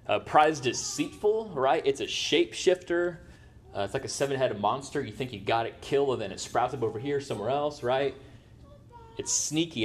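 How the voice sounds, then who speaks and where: A man preaching a sermon as pastor, in a conversational way, often checking in with "right?". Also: mid-range voice. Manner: conversational, tags points with "right?".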